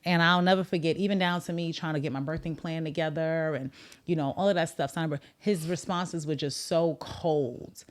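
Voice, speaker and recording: Woman podcast host, low voice, earnest personal storytelling, reflective and candid, thirties. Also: moderate pace. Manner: earnest, reflective, animated when retelling others' words.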